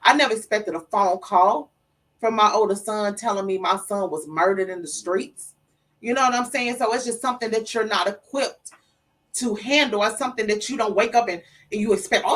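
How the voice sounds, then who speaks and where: Middle-aged woman, interview guest, emotional storytelling, a little high, slightly distant mic. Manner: emotional, animated retelling with acted-out quotes. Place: studio.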